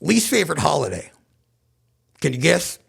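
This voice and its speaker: A man voicing a cheerful, self-pitying adult male goblin, talking as a podcast guest in a rambling, excitable way. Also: on the high side, normal speed, full character voice. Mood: storytelling. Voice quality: gravelly, husky. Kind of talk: comedic character chat.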